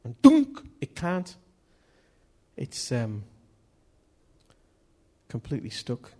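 A man's voice: medium pitch, huge pitch swings, very slow, a little mellow, breathy edge. A man preaching a sermon in a chatty, jokey way, laughing at himself as he tells stories.

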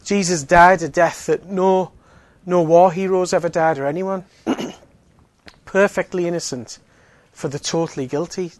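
A man with a fairly high voice gives a relaxed faith talk to a group. He speaks casually and fills his sentences with "you know". He also drops in teasing jokes. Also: measured pace, no room sound. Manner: conversational, many fillers, joking asides. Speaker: Alpha course speaker. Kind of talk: evangelistic talk.

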